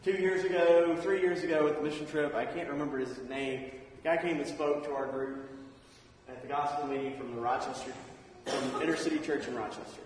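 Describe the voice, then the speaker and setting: A man's voice: on the high side, fairly even intonation, a little fast, a little hiss or hum. A man in his thirties giving a casual, anecdotal sermon in a church auditorium, acting out the voices of people in his stories. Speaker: preacher. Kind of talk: sermon with storytelling. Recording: echoey hall, far from mic.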